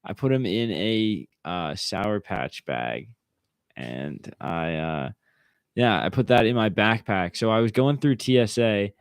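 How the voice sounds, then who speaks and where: A man's voice: on the low side, expressive, slow, smooth, dry recording, studio quality. A young man from Maryland, a podcast guest telling a laid-back story full of fillers. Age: young adult. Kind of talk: casual chat.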